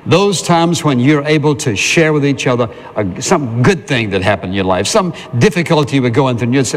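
A man's voice: mid-range voice, expressive, fairly quick, few pauses, in a large hall. A male pastor preaching a sermon in a conversational way, asking the congregation questions and answering them himself.

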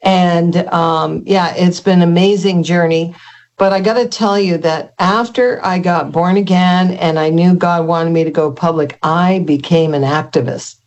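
An older woman, a guest in an interview, telling her personal testimony in an earnest, halting way with many restarts. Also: lowish voice, a little mellow.

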